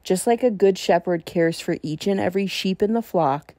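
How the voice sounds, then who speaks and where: A woman voicing a loving, gentle male teacher in a storybook reading, speaking calmly and tenderly. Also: on the low side, normal speed, no room sound, natural voice.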